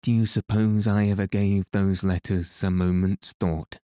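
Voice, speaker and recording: A man's voice: deep voice, flat delivery, a little slow, mellow, smooth, no echo, clean studio sound. A man voicing a stern, demanding banker. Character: man playing an angry, threatening middle-aged male banker. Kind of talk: audiobook dialogue reading.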